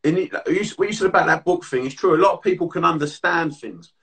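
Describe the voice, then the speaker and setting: A man hosts a podcast and tells a story in a rapid, animated rush, swearing as he goes. His voice sits a little high. He sounds set back from the microphone. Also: far from the mic. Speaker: podcast host and therapist. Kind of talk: casual podcast chat.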